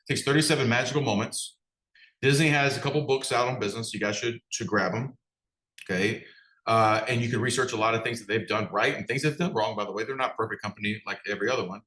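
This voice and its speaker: A man's voice: mid-range voice, a bit bright, reverberant, poor audio. A man, a business coach, giving a direct, conversational motivational talk and putting questions to his audience. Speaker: business coach for martial arts school owners.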